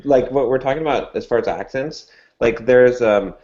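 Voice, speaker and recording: A man's voice: medium pitch, moderate pace, darkish tone. A man co-hosting a casual podcast, giving his opinions with lots of fillers and restarts. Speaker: podcast co-host. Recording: dull lo-fi audio.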